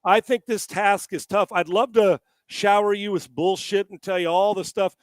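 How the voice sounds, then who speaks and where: A man co-hosting a casual sports talk show, animated and profane, often stammering and restarting his sentences. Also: sits high, normal speed, no room sound. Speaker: sports analyst co-host.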